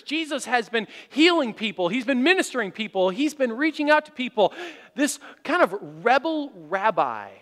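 A male pastor preaching a sermon in a church, telling stories with animation and rising to shouts for emphasis. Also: high-pitched. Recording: long hall reverb.

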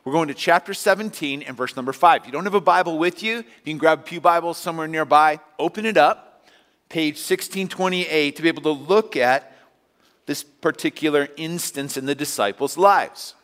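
Conversational preacher in a reverberant church. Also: male voice, a little high, moderate pace, a bit bright. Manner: conversational preaching with acted-out asides. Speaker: pastor. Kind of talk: sermon. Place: church sanctuary. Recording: long hall reverb.

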